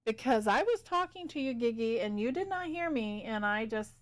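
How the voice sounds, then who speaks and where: A woman streamer chatting casually as she paints. Her voice is smooth and clear, and she keeps up an easy back-and-forth with her viewers while she works. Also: fairly high pitch, animated, moderate pace. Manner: chatty, talks to chat while working.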